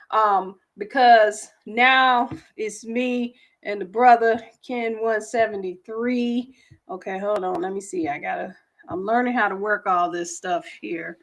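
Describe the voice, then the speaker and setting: Chatty, laughing woman hosting a livestream. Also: fairly high pitch. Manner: chatty, laughs often, self-teasing. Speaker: host.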